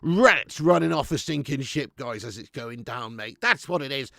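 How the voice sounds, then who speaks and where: Gravelly football fan host. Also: male voice, medium pitch, lively intonation, normal speed, hardly any pauses, no room sound, clean studio sound. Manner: loud banter, swears, reads out chat messages. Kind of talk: live football watch-along chat.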